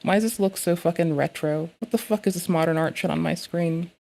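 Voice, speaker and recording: A woman streaming live, chatting casually with heavy swearing and bursting into loud, excitable rants. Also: fairly low pitch, fairly quick, gravelly.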